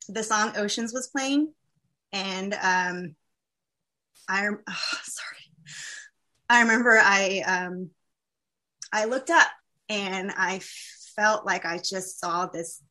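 A woman speaking as a guest in a conversation, telling a personal faith testimony in a candid, halting way with many fillers and restarts. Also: mid-range voice, bright, forceful tone.

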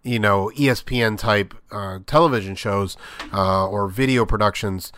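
A man's voice: fairly low pitch, normal speed, fairly bright tone. Rambling, filler-heavy male sports host. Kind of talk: casual sports commentary monologue.

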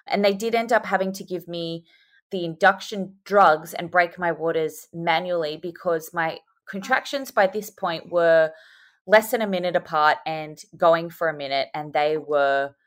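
Young woman, podcast guest on a video call, lowish voice, chatty and animated. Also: normal speed. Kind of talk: casual chat.

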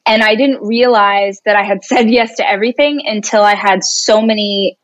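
A woman in her thirties, a guest speaker talking in an animated, expressive way during a casual interview. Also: medium pitch, normal speed, no echo, lo-fi sound. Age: 30s. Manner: animated and expressive, laughs easily.

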